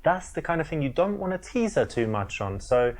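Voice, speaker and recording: A man's voice: fairly high pitch, big pitch swings, fairly quick. Man giving dating advice. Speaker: dating coach. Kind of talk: instructional advice to camera.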